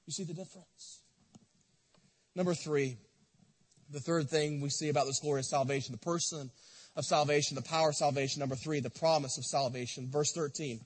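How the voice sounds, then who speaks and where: A man preaching a sermon in a church, impassioned, swinging from loud to soft. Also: fairly high pitch, steady tone, brisk. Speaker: pastor. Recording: long reverb of a church hall.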